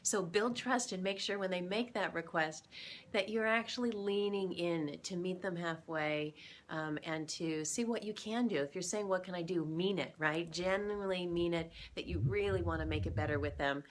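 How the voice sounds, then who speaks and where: A woman's voice: lowish voice, moderate pace. A woman co-hosting a relationship tip video, explaining in an upbeat, casual way with fillers and frequent laughs. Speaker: relationship coach co-host. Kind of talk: casual instructional chat. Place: indoors, home kitchen demonstration.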